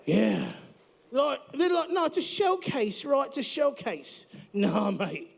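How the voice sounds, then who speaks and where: A man's voice: very high-pitched, huge pitch swings, slow pace, creaky, breathy edge, pitched above the performer's own voice, exaggerated voice. A man putting on a cocky British rocker persona with an accent that drifts toward Australian, trash-talking during a live podcast interview. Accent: put-on British-Australian accent. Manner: swaggering, cocky trash talk. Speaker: musician guest.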